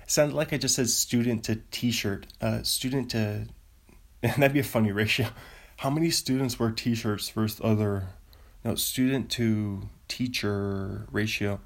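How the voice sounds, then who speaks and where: A man's voice: lowish voice, fairly even intonation, a little slow, vocal fry. A man making casual commentary as he looks up sports stats, thinking aloud, easily amazed, and laughing at himself. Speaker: vlogger.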